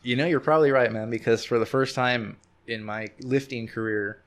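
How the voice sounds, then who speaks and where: A man's voice: mid-range voice, fairly even intonation, moderate pace. A young man talking openly and easily as a guest on a casual podcast. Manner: open, easygoing storytelling. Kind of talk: casual chat.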